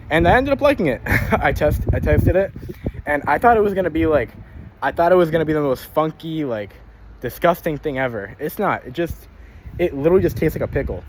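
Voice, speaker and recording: In this laid-back daily vlog, a young man talks about his day as he walks, wandering from topic to topic and swearing along the way. His medium-pitched voice is a little mellow and slightly breathless with fatigue, over faint background noise.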